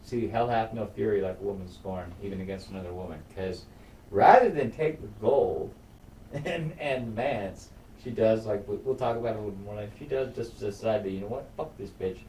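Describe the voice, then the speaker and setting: A man's voice: on the low side, fairly quick, dark tone. A man co-hosting a podcast, recapping a TV episode in casual, profane chat. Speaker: podcast co-host. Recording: roomy room, far from mic, faint noise.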